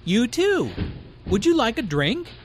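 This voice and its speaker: A man's voice: extremely high pitch, huge pitch swings, unhurried, full character voice. A man playing a friendly man in a lesson dialogue. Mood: casual. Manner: clear, polite, conversational delivery. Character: friendly adult man in a scripted textbook dialogue. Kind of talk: scripted dialogue for English learners.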